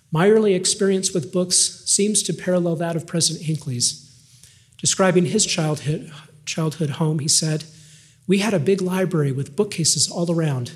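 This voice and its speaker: An older man delivers a scripted devotional address from a lectern. His voice sits a touch higher than most men's. His delivery is measured and carries a gentle dry humor. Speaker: devotional speaker.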